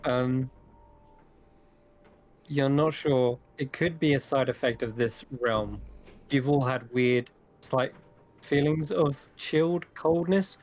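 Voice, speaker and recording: A man's voice: mid-range voice, slow, long pauses. Man narrating as game master.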